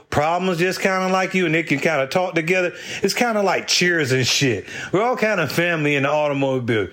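A man tells a long, profane comic story, rambling and laughing between the curses. His voice sits high for a man. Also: a bit bright. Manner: rambling, heavy swearing, laughing as he talks. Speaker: stand-up storyteller.

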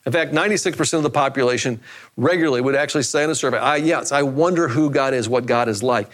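A man preaching a sermon in a conversational way, often repeating phrases for emphasis. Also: mid-range voice. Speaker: pastor.

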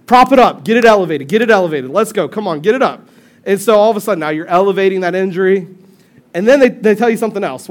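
A young male pastor preaching a casual sermon, joking and acting out quotes as he tells stories. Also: sits high.

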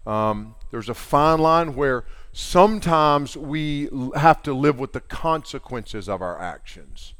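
Earnest preacher, dry sound. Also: male voice, mid-range voice, no echo. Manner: casual and earnest, retelling scripture in everyday talk with slang and fillers. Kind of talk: conversational sermon.

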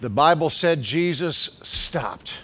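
A bishop preaching a Pentecostal sermon in a church, moving between low asides and shouted declarations and urging the congregation to respond to each other. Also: male voice, expressive, slow.

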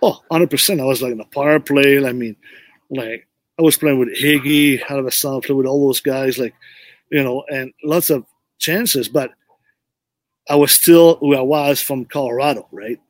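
A man's voice: mid-range voice, moderate pace, no echo. Man, middle-aged, casual podcast storytelling, rambling, dry sound. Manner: rambling, restarts often, tells stories with quoted dialogue. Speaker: podcast guest, former pro hockey player.

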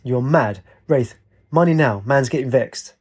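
A man's voice: medium pitch, a little slow, a little mellow, slightly rough. A man voicing a cocky, menacing young male drug dealer who talks in impatient street slang.

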